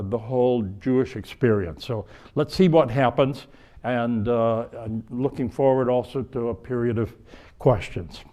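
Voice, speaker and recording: Older bishop: anecdotal lecturer who restarts his sentences, mid-pitched voice. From United States. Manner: rambling, self-correcting, warm anecdotal. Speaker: bishop giving a conference talk. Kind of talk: storytelling lecture. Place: conference hall before an audience.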